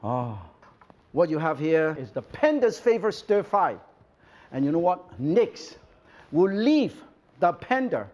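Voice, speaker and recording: An older man hosting a cooking show, cheerfully walking through a stir-fry and chatting as he shops, in slightly non-native English. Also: on the high side, big pitch swings, a little slow, a little mellow. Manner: enthusiastic, exclaiming and chatty. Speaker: celebrity chef and host.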